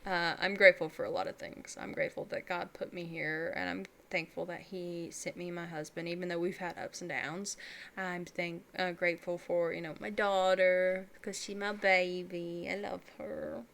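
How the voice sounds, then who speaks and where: A woman's voice: on the low side, level tone, moderate pace, creaky, fairly bright tone. A young adult woman vlogging alone in casual, rambling, candid chat, laughing often and calling herself weird.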